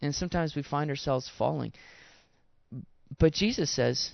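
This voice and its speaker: A man, a pastor, giving a conversational sermon, animated and casual with slangy asides. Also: fairly high pitch, a little slow, gravelly, dry recording, dull audio.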